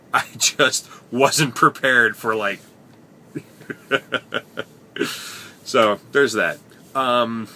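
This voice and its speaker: A man's voice: lowish voice, bright, forceful tone, slight background noise. A man telling stories from his taxi shifts in a rambling, wry way, sometimes swearing, recorded inside his cab. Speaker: taxi driver. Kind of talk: casual storytelling vlog.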